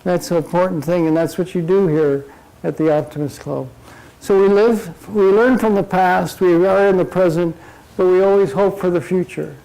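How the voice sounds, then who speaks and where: An older man gives a humorous motivational talk at a club meeting, delivering his jokes deadpan. His voice sits high and has a gravelly edge. The audience laughs behind him. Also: normal speed, poor audio. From Minnesota. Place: meeting room before a live audience.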